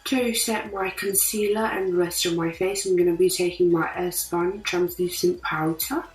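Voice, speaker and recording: A woman's voice: fairly low pitch, steady tone, normal speed. A woman talking through a makeup tutorial in a put-on British accent, chatty as she walks through each step. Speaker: beauty vlogger. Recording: roomy, distant mic, faint music.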